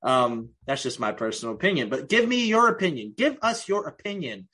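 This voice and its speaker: A man's voice: mid-range voice, very animated, a little fast, pushed and bright, breathy edge. A man co-hosting a casual podcast, joking, laughing often and drifting into tangents. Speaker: podcast co-host. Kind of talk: casual chat.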